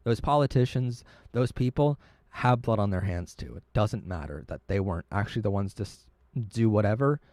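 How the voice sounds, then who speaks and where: A man's voice: lowish voice, expressive, brisk, a little mellow, no echo. A man hosting a live stream, talking earnestly and emotionally, often stumbling and restarting his words. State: tearing up. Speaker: livestream host.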